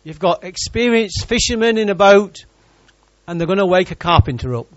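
A man's voice: high voice, lively intonation, normal speed, dry recording, muffled recording. A man preaching a sermon in church, reading scripture and joking with the congregation.

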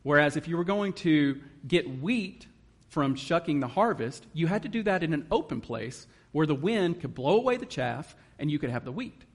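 A man's voice: a little high, animated, normal speed. A man preaching a sermon in an earnest manner, reading scripture and explaining it. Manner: earnest, emotional at times, reads scripture aloud. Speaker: guest preacher.

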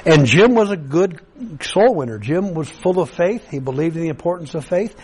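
A man delivers a sermon in an earnest, conversational way, his voice sitting a little high for a man. He often stumbles and restarts phrases, repeating words as he works through his point to the congregation. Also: lively intonation, moderate pace, darkish tone, husky, poor audio. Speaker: pastor.

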